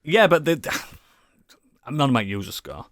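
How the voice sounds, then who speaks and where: A man's voice: medium pitch, very animated, unhurried, fairly bright tone, no room sound, studio quality. A British man co-hosting a casual podcast, rambling enthusiastically with lots of swearing and restarts. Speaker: podcast co-host. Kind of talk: casual chat.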